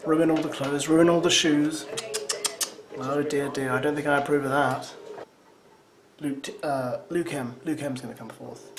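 A man's voice: a little high, fairly even intonation, unhurried, pauses often, a crowd in the background. A man giving teasing, sarcastic running commentary as he reacts to a show. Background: show soundtrack music.

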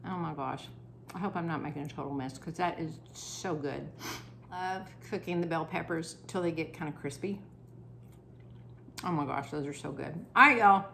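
A woman's voice: low voice, normal speed, vocal fry, bright, forceful tone, a little hiss or hum. A woman, a health coach chatting casually through a cooking vlog at home, talking while she eats. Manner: chatty, talks while eating.

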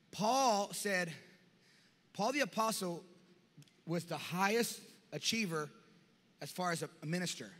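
A male pastor preaching a lively sermon to his church, often shouting and acting out scenes from the Bible. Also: high voice, a little slow, pauses often. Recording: reverberant church hall.

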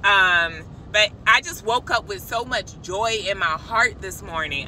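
A woman giving an excited, preachy spiritual message to her viewers from a parked car, calling them y'all. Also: mid-range voice, a little slow, hardly any pauses, a little hiss or hum, rough recording. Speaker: christian vlogger. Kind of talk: casual spiritual vlog. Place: parked car outside a shop.

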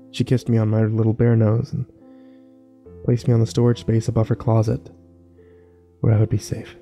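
A man narrating a first-person horror story slowly and wistfully, with small restarts. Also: on the low side, completely flat delivery, warm tone, soft background music.

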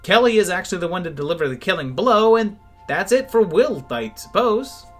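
A man's voice: high-pitched, big pitch swings, brisk, faint music behind. A man narrating a comedic film review in a sarcastic, wry tone. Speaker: movie reviewer. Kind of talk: scripted comedic video narration.

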